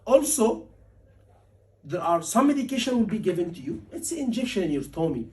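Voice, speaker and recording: Animated male tutor heard from afar. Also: high-pitched, fairly quick. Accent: Liverpool. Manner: animated, asks the class questions often. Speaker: surgery exam tutor. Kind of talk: teaching a class, acting out patient lines. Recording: voice from a distance.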